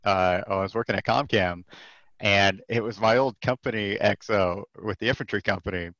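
Low-voiced man telling a story. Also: normal speed, no room sound, dull audio. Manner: animated, laughs often, many filler words. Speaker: podcast guest, comic creator. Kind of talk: casual anecdote storytelling.

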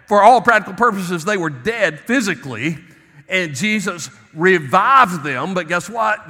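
A male pastor preaching a Sunday sermon, swinging between soft asides and emphatic rises. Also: high voice, big-room sound.

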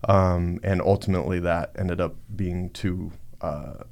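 A man on a podcast, recounting a personal story in a halting, reflective way with many fillers. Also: low-pitched, level tone, vocal fry, darkish tone. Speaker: podcast guest. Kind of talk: casual storytelling.

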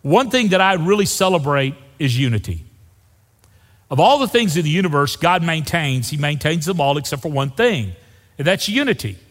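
Pastor guy preaching, lively swinging voice, kinda high, big echoey church. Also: moderate pace. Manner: emphatic preaching, dropping to hushed lows for key phrases. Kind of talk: sermon. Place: church sanctuary. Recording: long reverb of a church hall.

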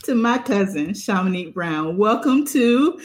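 A woman's voice: medium pitch, measured pace. Emotional, preacherly woman podcast host. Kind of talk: enthusiastic podcast introduction.

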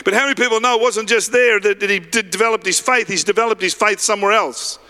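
A male pastor preaching a lively sermon, often calling out to the congregation. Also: high voice, fast. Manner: animated, calls to the congregation.

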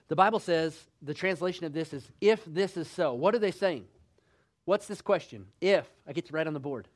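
A man preaching a sermon emphatically, asking the congregation rhetorical questions and rising to loud bursts. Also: on the high side, animated, brisk.

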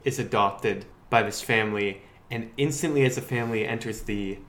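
A man co-hosting a podcast, chatting casually as he pitches a story and laughing often. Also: normal speed, fairly bright tone, roomy sound. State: has hiccups. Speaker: podcast co-host.

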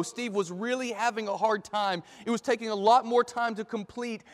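A man telling a dramatic illustration story in a sermon, in an animated way. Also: high-pitched. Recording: long hall reverb.

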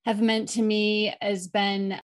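A woman business owner giving an earnest, slightly halting testimonial in casual chat. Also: medium pitch, little pitch movement. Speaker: mastermind member and business owner.

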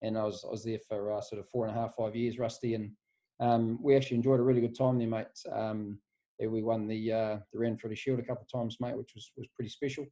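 Man, 40s, New Zealand accent, mellow warm voice, laid-back rambling podcast guest, says mate a lot, remote call from an office. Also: lowish voice, little pitch movement, quick pace. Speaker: guest, strength and conditioning coach. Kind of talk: casual podcast interview.

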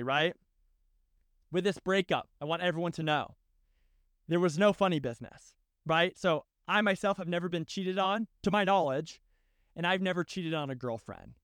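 A man's voice: fairly high pitch, smooth, no echo, clean studio sound. A young man hosting a podcast, telling a personal story in a casual, heartfelt way and often tagging on "right?" and "dude". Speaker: podcast host.

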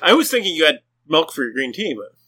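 A man's voice: a little high, big pitch swings, fast talker, bright, forceful tone, slightly rough. A middle-aged man co-hosting a casual podcast, reading instructions and joking along playfully. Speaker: podcast co-host. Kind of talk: casual chat.

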